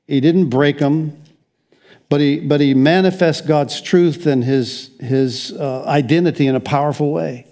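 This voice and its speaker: A man's voice: on the high side, a little slow, dark tone. An older man preaching a conversational sermon as pastor, rambling along with frequent restarts and wry asides.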